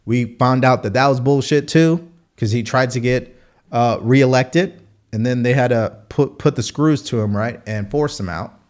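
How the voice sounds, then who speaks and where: A man's voice: mid-range voice, normal speed. A man hosting a live political commentary show, arguing his points with repeated rhetorical questions.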